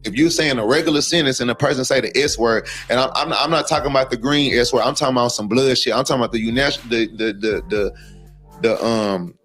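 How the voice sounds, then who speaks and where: A man's voice: mid-range voice, quick pace, fairly bright tone, soft background music. A man from Texas talking as an interview guest, heated and profane, rambling with frequent asides. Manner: heated, profane, rambling, often says "you know what I'm saying". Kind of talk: casual interview talk.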